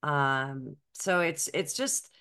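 A woman's voice: deep voice, slow pace, fairly bright tone, smooth. A woman hosts an interview and keeps affirming her guest. She backs him up with short agreements and supportive words, then talks at more length with eager praise. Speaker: show host. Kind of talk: conversational interview.

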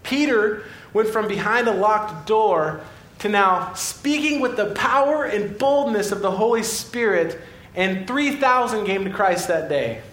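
A man preaching a sermon as a pastor, telling a story with animated swings between excitement and quiet earnestness. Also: a little slow. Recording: echoey room with faint rumble.

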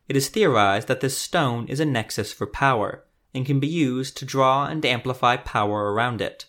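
A man narrating a fantasy story podcast in a measured, scripted storytelling manner. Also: mid-range voice, fairly bright tone.

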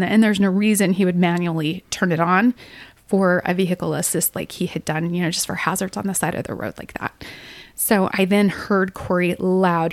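A middle-aged woman from Utah, co-hosting a podcast, recounts a painful personal story in earnest, emotional detail, quoting dialogue as she goes. Her voice is lowish and the recording is dry.

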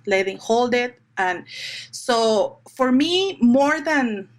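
Brief: middle-aged woman, higher-pitched voice, animated storyteller, photographer in a chatty interview. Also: slow. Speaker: fine art children's photographer. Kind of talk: conversational interview.

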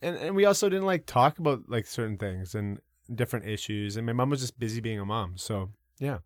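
A man telling personal stories as a guest in a casual interview. He talks in an animated way, with a lot of fillers and some casual swearing. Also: mid-range voice, fairly quick, no echo, studio quality. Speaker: podcast guest. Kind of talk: casual storytelling.

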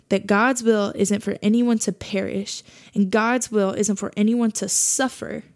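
In a faith podcast, a woman with a medium-pitched, darkish voice delivers an earnest monologue as host. She repeats her points for emphasis.

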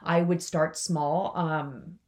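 A woman with a somewhat low, even-toned voice hosts a motivational podcast. She talks in a loose, chatty way and is upbeat throughout. When she acts out other people's lines, her pitch jumps up sharply. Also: takes it slowly. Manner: casual and enthusiastic, acting out quotes with jumps in pitch. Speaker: podcast host.

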